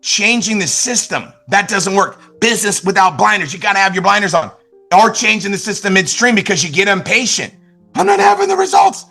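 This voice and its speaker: A man giving an energetic motivational business talk, full of restarts and asking "right?" after his points. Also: sits high, a little fast, faint music behind. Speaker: network marketing trainer.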